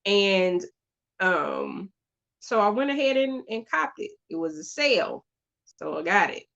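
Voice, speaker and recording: A woman hosting her own show, telling a story in a casual, chatty way, halting with fillers and restarts, on a slightly dull, lo-fi recording. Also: medium pitch, big pitch swings, vocal fry, fairly bright tone. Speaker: podcast host.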